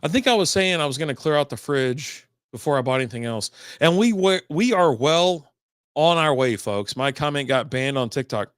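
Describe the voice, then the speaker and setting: A man's voice: fairly high pitch, animated, moderate pace, clear, resonant tone, dry recording, clean studio sound. A middle-aged man hosting a beer podcast livestream, chatting in a rambling, casual way and swearing freely.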